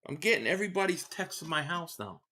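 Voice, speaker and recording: A man's voice: a little high, expressive, fast, pushed and bright. A man from the Philadelphia area live-streaming a football game, rambling in casual chat, reading out viewer messages and giving blunt fan opinions.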